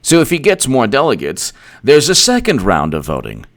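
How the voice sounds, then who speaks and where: Animated, rambling male political commentator. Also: medium pitch, moderate pace. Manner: rambling, repetitive, animated asides with laughs. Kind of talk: casual livestream commentary.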